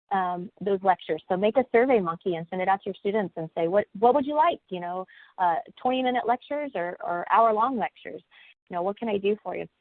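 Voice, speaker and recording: A woman's voice: fairly low pitch, dry recording. A woman who teaches college classes in the United States, speaking on a webinar panel in a folksy, conversational way with many fillers and restarts, heard over a video call. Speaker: college instructor. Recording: tinny phone-like, dry audio.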